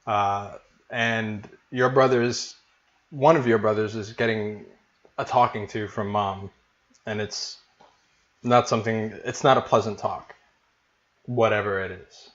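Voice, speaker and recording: A man's voice: fairly low pitch, steady tone, measured pace, long pauses, fairly bright tone, lo-fi sound. A man narrating as game master of a tabletop game, in a casual, hesitant way with many fillers.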